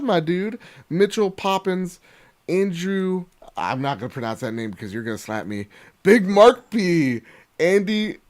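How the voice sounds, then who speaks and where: A man hosting a casual podcast over a video call, excitable and swearing as he rattles off thank-yous. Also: mid-range voice. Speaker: podcast host.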